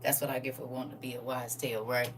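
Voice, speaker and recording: Low-voiced woman chatting on a home livestream. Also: flat delivery, quick pace. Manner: chatty, greets viewers by name, laughs often. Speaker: livestream host. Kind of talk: casual morning livestream chat. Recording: slightly distant mic with faint hum.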